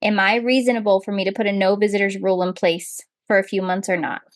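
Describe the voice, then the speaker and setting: A woman's voice: mid-range voice, dry recording. A young woman co-hosting a podcast, reading out a listener's story and reacting in casual chat with frequent laughs. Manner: expressive, laughs often, quick reactions. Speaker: podcast co-host.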